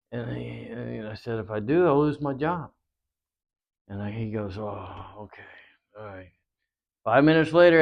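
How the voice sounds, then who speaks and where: A man's voice: mid-range voice, creaky. Rambling storyteller man, muffled audio. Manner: rambling anecdotes with many fillers and quoted dialogue. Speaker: guest wrestler. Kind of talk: storytelling interview. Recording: dull lo-fi audio.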